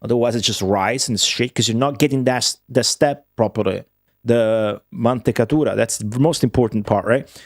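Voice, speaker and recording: A streamer rants excitably during a casual livestream chat, blunt and swearing freely. His voice is mid-range and his pace moderate. The recording is dry and sounds clean, like a studio.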